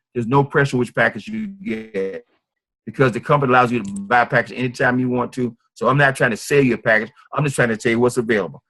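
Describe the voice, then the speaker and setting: A man giving an informal sales training talk, fast and acting out sales calls. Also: medium pitch, fairly bright tone. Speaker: network marketing trainer.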